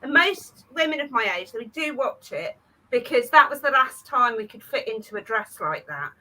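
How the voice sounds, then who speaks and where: A woman's voice: on the high side, expressive, normal speed, bright, forceful tone, poor audio. A woman comedian telling dry, self-mocking stories on a headset over a video call. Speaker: comedian panelist. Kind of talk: stand-up style chat on a video call.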